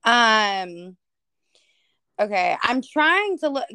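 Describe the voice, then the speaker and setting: Woman co-host, high, smooth voice; laughs a lot, cusses, disbelieving. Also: big pitch swings, extremely slow, pushed and bright, no room sound. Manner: incredulous, laughing, swears freely. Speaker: podcast co-host. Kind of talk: casual chat.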